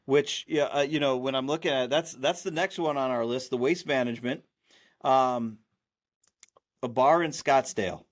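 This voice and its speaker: A man's voice: medium pitch, normal speed. A man co-hosting a podcast in casual chat, rambling with many restarts and fillers. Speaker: podcast co-host.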